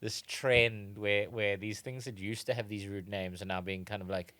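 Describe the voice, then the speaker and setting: A South African man co-hosting a comedy podcast, explaining trivia with dry, wry humour. His voice is bright and forward at an ordinary pitch. The recording is close with no room echo. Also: fairly even intonation, moderate pace. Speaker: podcast co-host. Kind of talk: casual comedy chat.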